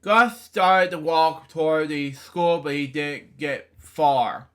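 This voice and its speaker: A man's voice: a little high, takes it slowly, clean tone. A man reading a children's book aloud, stumbling over words and adding offhand comments between pages. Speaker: storybook reader.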